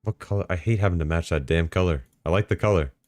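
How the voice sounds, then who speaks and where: A man live-streaming, talking casually to himself and his chat while setting up software, swearing and bursting into excited outbursts. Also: low-pitched, fast talker, no echo, clean studio sound, soft background music.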